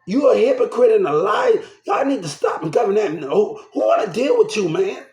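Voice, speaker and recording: A man's voice: high voice, expressive, normal speed, a little mellow, reverberant. An upset man ranting to the camera, agitated and repeating himself, shaken and swearing. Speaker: vlogger. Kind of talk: angry rant to camera.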